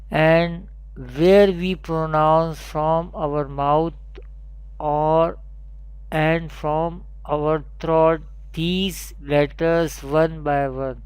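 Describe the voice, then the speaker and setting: A man teaching a recorded pronunciation lesson at a very unhurried pace. He drills each sound over and over in an even, flat tone. His voice is very clean and crisp. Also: on the high side, no room sound. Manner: slow, repetitive drilling of letters. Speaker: Quran teacher.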